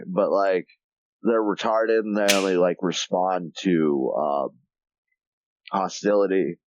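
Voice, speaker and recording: A man's voice: low-pitched, steady tone, slow, no room sound, muffled recording. A man co-hosting a podcast, chatting casually, rambling with lots of swearing and filler words. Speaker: podcast co-host. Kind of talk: casual chat.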